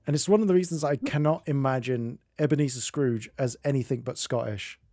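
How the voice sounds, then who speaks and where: A man's voice: medium pitch, brisk, dark tone, no echo, studio quality. A man from Northamptonshire with an English accent, streaming and chatting casually with a rambling, self-interrupting manner. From Northamptonshire, England. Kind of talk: casual chat.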